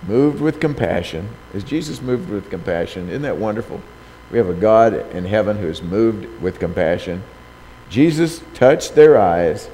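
Preacher man asking rhetorical questions. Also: medium pitch. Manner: rhetorical, asks the listener questions; reads scripture aloud with loud raised quotes. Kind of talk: sermon. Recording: long hall reverb, faint background noise.

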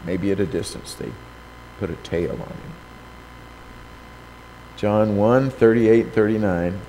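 A man delivers a sermon, reading scripture aloud, raising his voice on quoted lines and peppering listeners with rhetorical questions. His voice is fairly low and warm, and he takes his time. Long hall reverb and faint background noise fill the recording.

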